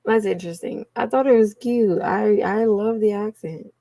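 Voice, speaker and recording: A woman's voice: mid-range voice, normal speed, dark tone, dry recording. A woman with a Cajun accent chatting casually with viewers on a livestream, laughing often and calling them y'all. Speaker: livestream host. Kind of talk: casual live chat with viewers.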